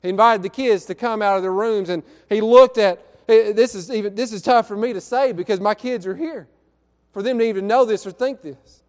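A man preaching a sermon, telling a story in an earnest way and drawing out key words slowly. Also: high voice, a little mellow, in a large hall. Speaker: pastor. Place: church sanctuary.

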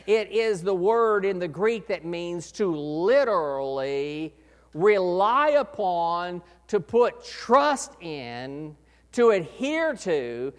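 High-voiced preacher in an echoey hall. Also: male voice, expressive, slow pace. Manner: earnest, rises to loud emphasis then drops low. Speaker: pastor. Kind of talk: sermon.

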